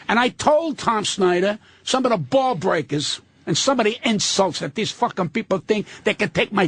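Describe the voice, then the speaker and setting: An older man, a guest comedian on a radio talk show, telling indignant, profane stories in a loud ranting way. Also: high voice, breathy edge, dry recording. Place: radio studio.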